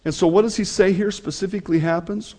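Earnest preaching man, fairly high voice. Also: fairly even intonation, fast, warm tone. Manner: earnest preaching, addresses congregation directly, acts out quotes. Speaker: pastor. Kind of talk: sermon.

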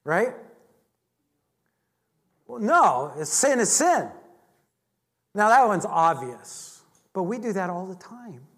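A man's voice: sits high, very animated, slow, long pauses, fairly bright tone. A man teaching a Bible lesson in a chatty, joking sermon style, often restarting his sentences. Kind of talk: conversational sermon.

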